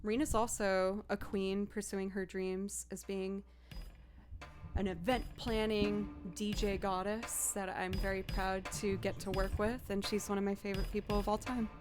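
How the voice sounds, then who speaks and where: A young woman chats on a live music stream in a casual, self-deprecating way, encouraging her viewers between takes. Her voice sits at a middle pitch, and soft music plays faintly underneath. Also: level tone, normal speed.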